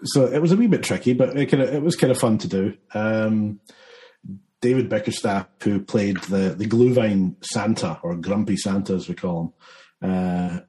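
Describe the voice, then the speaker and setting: Man, filmmaker guest, low warm voice, loose rambling delivery. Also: moderate pace, slight background noise, poor audio. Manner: rambling, many fillers and restarts, laughs often. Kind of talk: casual interview chat.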